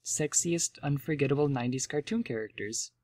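Laid-back podcast co-host, brief remarks. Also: male voice, mid-range voice, brisk, heavy background noise. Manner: brief reactive interjections, laughs. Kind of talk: casual podcast chat.

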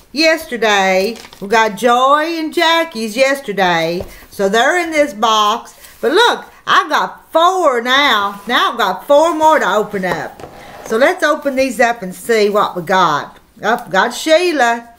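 A woman's voice: sits high, fairly bright tone. A woman with a Southern country accent, chatting folksily to her viewers while opening mail on her vlog. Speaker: channel host.

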